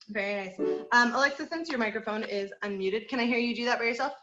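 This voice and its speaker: A woman's voice: on the high side, fast talker, fairly bright tone, echoey room, lo-fi sound, soft background music. A woman teaching an online group singing lesson, encouraging her students and counting through number drills. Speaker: vocal teacher.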